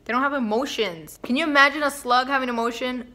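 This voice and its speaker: A woman's voice: a little high, fast talker, few pauses, pushed and bright. A young woman chatting playfully to camera at home as a vlogger, joking around. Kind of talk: casual chat to camera. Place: indoors at home, windy outside.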